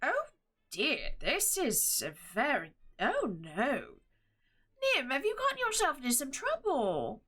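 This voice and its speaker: A woman puts on a high, sing-song voice for a jolly, round-cheeked gnome man in a tabletop game. He is doting and fussy and calls everyone darling. The voice is bright and sits well above her own. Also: huge pitch swings, unhurried, full character voice. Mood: fretful.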